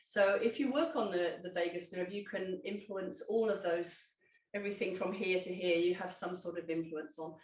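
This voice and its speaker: A woman, a Pilates instructor gently guiding a seated exercise, with calm instructions and small self-corrections. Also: on the low side, normal speed, far from the mic. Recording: echoey room, voice off-mic.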